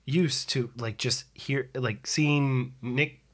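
A man's voice: medium pitch, steady tone, slow pace, a bit bright. A man co-hosting a podcast, rambling in casual chat with many restarts and some swearing. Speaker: podcast co-host.

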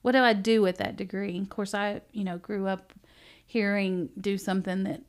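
A middle-aged woman, a bookstore owner, chatting casually as a podcast guest, animated and laughing often as she tells stories. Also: mid-range voice, moderate pace. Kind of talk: casual interview chat.

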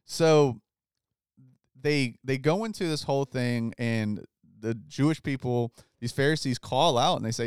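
A man hosts a podcast and talks through scripture in a laid-back, conversational way, peppering his speech with "like." His voice is smooth and resonant, mid-pitched, and recorded dry with no room sound. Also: moderate pace, dry recording. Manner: relaxed, says "like" often, reads scripture aloud. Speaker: podcast host. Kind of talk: casual Bible study chat.

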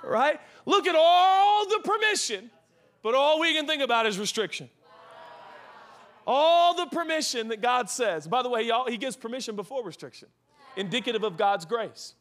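A young man preaching a sermon as pastor, animated and joking, shouting for emphasis at times. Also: very high-pitched, normal speed.

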